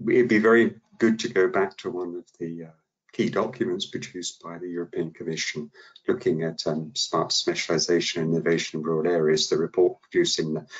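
A man with a very deep voice gives an articulate, formal presentation as a guest speaker over a video call. The sound is somewhat dull.

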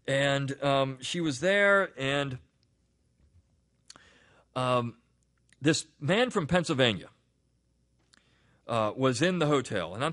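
A man hosts a weekly roundup in a loose, conversational way, drifting into asides and restarting his sentences as he goes. His pitch moves a lot, rising and falling with emphasis. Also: fairly bright tone. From Delaware. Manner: rambling, with frequent restarts and asides. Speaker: podcast host. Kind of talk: casual spoken commentary.

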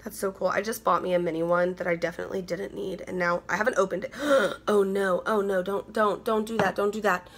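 Talking a little fast with hardly any pauses, a young woman with a mid-range, level voice unboxes beauty products indoors at home. The beauty vlogger gushes bubbly and says things over and over.

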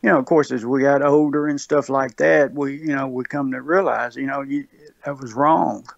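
Man, Mississippi Southern accent, earnest, repeats himself, gravelly voice, dull lo-fi sound. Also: mid-range voice, steady tone, moderate pace, dry recording. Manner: earnest, repetitive, restarts often. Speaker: guest. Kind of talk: casual conversation. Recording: dull lo-fi recording.

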